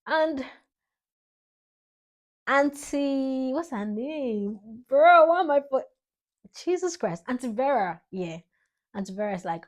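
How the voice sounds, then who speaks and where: A woman's voice: medium pitch, slow pace, pauses often. Emotional young Nigerian woman. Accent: Nigerian English. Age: young adult. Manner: emotional, rambling, animated spikes of excitement. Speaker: vlogger. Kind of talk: heartfelt tribute to her father.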